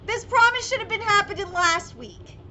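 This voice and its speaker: A young woman giving excited live reaction commentary on an anime episode, gushing and swearing freely with squealing outbursts. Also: extremely high pitch, normal speed, highs cut off, a little hiss or hum.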